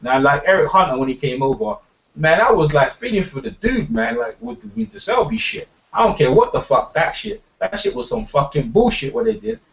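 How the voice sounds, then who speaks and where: An English man hosting a boxing talk stream rants heatedly, profane and emphatic, repeating words as he gets worked up. His fairly high, creaky voice has lively intonation and moves a little fast, captured off mic with dull lo-fi sound.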